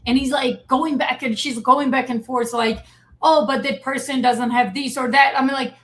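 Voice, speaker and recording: Woman host, emphatic, animated, fairly high voice, casual streamed chat. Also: moderate pace, low-quality recording. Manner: animated, emphatic, speaks straight to viewers. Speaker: show host. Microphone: streaming setup.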